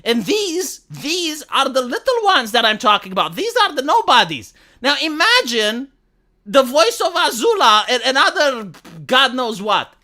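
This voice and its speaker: A woman with a Montreal accent ranting profanely to her live-stream audience. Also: high voice. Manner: profane, exasperated, fast and animated. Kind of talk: casual live-stream rant.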